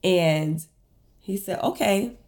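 A woman's voice: mid-range voice, takes it slowly. A woman hosting her own show, telling a personal story in a casual, chatty way with lots of fillers. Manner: chatty, many fillers, animated retelling; self-described emotional and empathetic. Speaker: podcast host.

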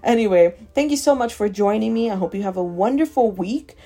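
A woman's voice: medium pitch, animated, fairly quick, dark tone. A woman with a Southern American accent hosting a solo podcast, ranting emphatically and repeating herself for emphasis. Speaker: podcast host.

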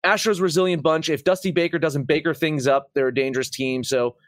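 A man hosting a sports betting show, talking in a casual, animated way with frequent swearing and emphatic outbursts. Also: on the high side, brisk, no echo, clean studio sound. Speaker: sports betting podcast host.

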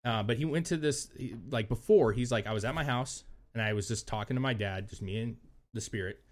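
Profane, animated male podcast co-host. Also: mid-range voice, fairly quick. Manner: animated storytelling, profane, acts out quoted voices. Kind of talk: casual chat.

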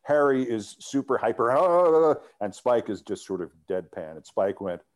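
Low, mellow-voiced middle-aged man telling stories. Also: moderate pace. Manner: animated anecdote teller with frequent restarts. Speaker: interview guest, former sports TV host. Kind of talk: storytelling interview.

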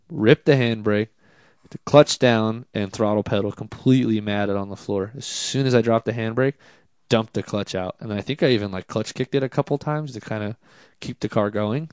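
A man, a drift driver, telling a casual story in an interview, animated and self-deprecating, with many fillers. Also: lowish voice, clear, resonant tone, no echo.

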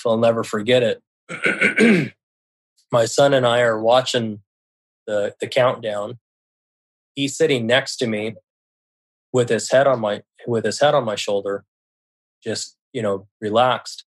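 A middle-aged man from the United States tells a personal story as a podcast guest, with a medium-pitched voice. He talks candidly and stumbles over his words. He repeats phrases as he relives the events. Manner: candid, recounting dialogue, swears freely, many restarts.

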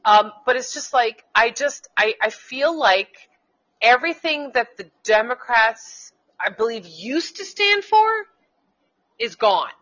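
A woman's voice: a little high, big pitch swings, takes it slowly, fairly bright tone. Heated, rambling woman on lo-fi radio. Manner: heated, rambling, many restarts and swearing. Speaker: co-host; schoolteacher. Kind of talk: casual political talk. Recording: dull lo-fi internet radio sound.

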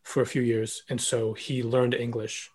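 A man's voice: medium pitch, flat delivery, unhurried, a little mellow, husky. A man hosting a podcast, talking casually and reflectively with a guest. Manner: talkative, reflective, many "like" fillers. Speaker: podcast host, former ballet dancer.

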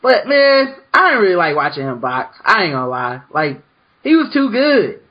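A man hosting a podcast in casual chat, animated, acting out quotes in a raised voice. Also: high-pitched, normal speed, lo-fi sound. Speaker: podcast host.

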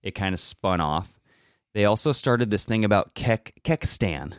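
A man's voice: on the low side, lively intonation, normal speed, clear, resonant tone, no echo, studio quality. A man telling a long, rambling story in casual podcast chat, with lots of fillers and restarts.

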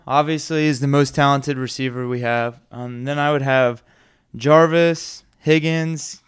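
A man's voice: a little high, clean tone. Blunt, opinionated male podcast host. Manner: blunt, opinionated, with mild cursing. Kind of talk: casual sports podcast talk.

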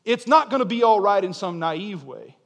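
Impassioned high-voiced young male preacher. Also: sing-song, normal speed, creaky. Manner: impassioned, swings from loud declarations to quiet asides. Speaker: pastor. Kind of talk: sermon. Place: church sanctuary. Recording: long hall reverb.

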